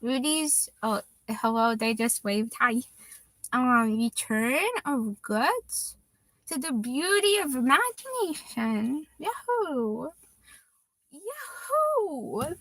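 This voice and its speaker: A woman's voice: a little high, lively intonation, slow pace, fairly bright tone, no echo. A woman in her twenties chatting casually on a livestream, reading viewer comments aloud and laughing often. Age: 20s.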